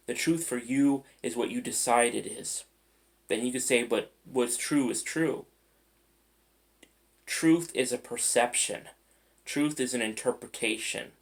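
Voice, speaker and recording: A man's voice: medium pitch, a little slow, creaky. A man mentoring listeners in a casual, conversational motivational talk, acting out everyday scenarios as he goes. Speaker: life mentor.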